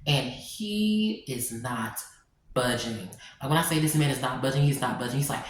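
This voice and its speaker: A woman telling a personal story in a casual vlog, animated and sassy, talking straight to her viewers. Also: very deep voice, moderate pace. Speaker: storytime vlogger. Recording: very echoey room.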